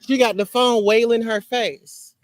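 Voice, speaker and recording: A woman joining a live stream discussion, animated and accusatory as she lays out her view. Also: on the high side, a little slow, no echo.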